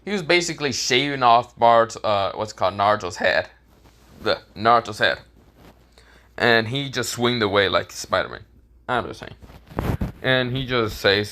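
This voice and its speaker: Rambling, bright-voiced male storyteller. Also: fairly low pitch, lively intonation, normal speed. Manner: rambling, stops for lost words, laughs at own jokes. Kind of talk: casual fan-fiction storytelling.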